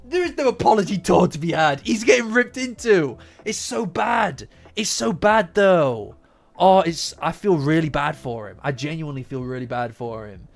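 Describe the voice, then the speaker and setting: High-voiced man ranting about manga. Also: moderate pace, gravelly. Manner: animated, profane, repeats himself. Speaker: manga reaction host. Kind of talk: casual reaction commentary. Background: faint lofi background music.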